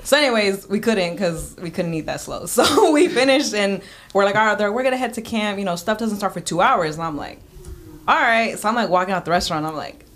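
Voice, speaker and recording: Fast-talking young woman telling a story. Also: medium pitch. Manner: animated, acts out quotes with lots of "like". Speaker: in-game host guest. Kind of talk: casual storytelling on a radio show.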